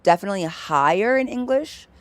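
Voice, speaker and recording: A young woman streaming a video game, chatting casually and switching between English and Japanese, with a deep voice that carries vibrato and some vocal fry. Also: lively intonation, brisk, a bit bright, no room sound. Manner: pitches voice up to sound friendly on stream. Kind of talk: casual gameplay chat.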